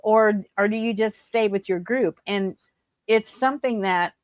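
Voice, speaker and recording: A woman's voice: medium pitch, measured pace, dry recording, highs cut off. A woman hosting a podcast interview, speaking in a reflective, encouraging way. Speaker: podcast host. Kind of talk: conversational interview.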